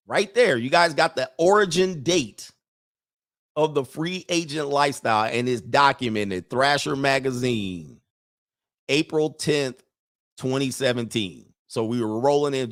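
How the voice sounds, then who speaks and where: A man hosts a dating-advice show for men, delivering a blunt, preachy yet casual monologue and laughing at his own points. His mid-range voice has a fairly bright tone, and he acts out other people's lines in put-on voices.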